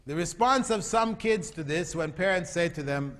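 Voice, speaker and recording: A man's voice: on the high side, animated, moderate pace, a bit bright. A man giving a religious lecture to a live audience, often quizzing the listeners with repeated questions. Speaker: Islamic lecturer. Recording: long hall reverb.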